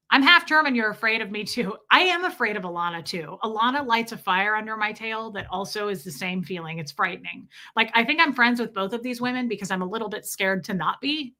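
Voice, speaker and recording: A woman's voice: medium pitch, sharp tone. A woman hosting a livestream, chatting casually and rambling with self-mocking humor as she reads viewer comments. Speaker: livestream host.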